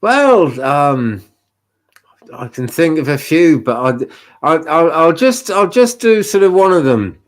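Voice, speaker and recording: A man's voice: a little high, very animated, takes it slowly. Hesitant man chatting as a guest. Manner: hesitant, many fillers and restarts, laughs softly. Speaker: guest medium. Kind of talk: casual live-stream chat.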